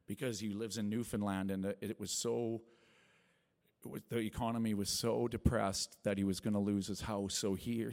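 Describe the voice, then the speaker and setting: A man in his forties giving a rambling, earnest testimony sermon to a small church congregation, with many restarts. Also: in a large hall. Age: 40s. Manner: rambling, earnest, with many restarts and acted quotes that rise high. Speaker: lay preacher sharing testimony.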